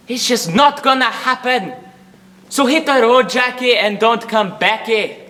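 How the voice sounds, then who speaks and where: A man's voice: very high voice, takes it slowly, sharp tone, slight background noise, heavily acted. A young man doing a ranting Scottish shepherd. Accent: put-on Scottish. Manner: ranting, self-pitying, theatrical. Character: grumbling middle-aged Scottish shepherd man. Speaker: student competitor. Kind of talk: humorous interpretation performance.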